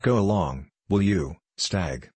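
A man voicing a pompous, haughty young apprentice captain who speaks slowly and grimly, in a low husky voice. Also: a little mellow, no room sound, heavily acted. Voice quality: haughty, grim. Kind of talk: audiobook character reading.

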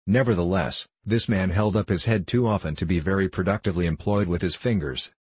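A man narrating a classic novel as an audiobook in a measured, even reading. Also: deep voice, husky, no room sound.

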